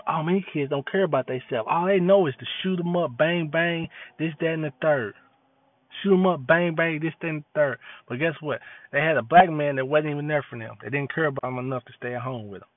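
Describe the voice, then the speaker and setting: Brief: high-voiced man, preachy street-slang monologue, tinny phone-quality audio. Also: a little fast, no echo. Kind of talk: impassioned monologue.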